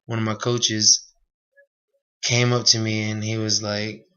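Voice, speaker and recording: A young man earnestly gives his personal testimony as a plain speech, wandering into many asides. His voice is on the low side with little pitch movement, unhurried, bright and forceful with a clean tone, though the recording itself is dull and lo-fi.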